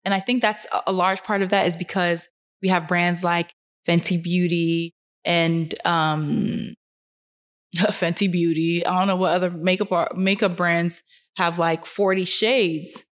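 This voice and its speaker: A young woman, a fashion model, talking casually to camera from her couch, earnest and animated, her pitch jumping up on emphasis, with many fillers. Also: measured pace. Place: indoors, seated on a couch.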